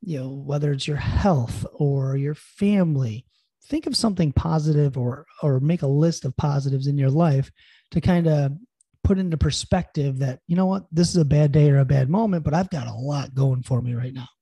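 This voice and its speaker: A podcast co-host chats casually and earnestly, peppering his encouragement to listeners with plenty of "you know" fillers. His husky, dark-toned voice sits a little high, moves at a moderate pace, and has no echo.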